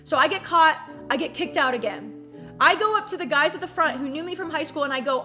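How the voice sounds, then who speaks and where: Young woman, high bright voice, animated casual storytelling, swearing, faint music behind. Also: quick pace. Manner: animated, profane, peppered with "like". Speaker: streamer.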